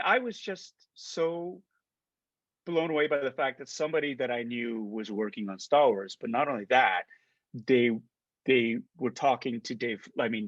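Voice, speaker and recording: A man's voice: mid-range voice, dry recording, highs cut off. A middle-aged man from Canada, a guest on a video call interview, telling stories with stammering restarts and acted-out dialogue. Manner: animated, stammering restarts, acts out quoted dialogue. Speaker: actor and guest. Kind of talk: casual interview storytelling.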